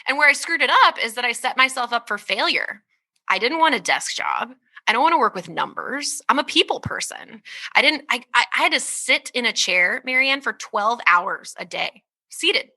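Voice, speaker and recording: A woman in her thirties, a guest author talking in an interview, energetic and expressive and laughing often. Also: on the high side, moderate pace. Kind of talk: conversational interview talk.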